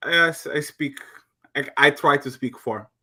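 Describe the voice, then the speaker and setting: Male panel guest, Portuguese accent, bright tense tone, slightly high voice, animated delivery. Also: measured pace, breathy edge. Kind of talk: casual panel discussion.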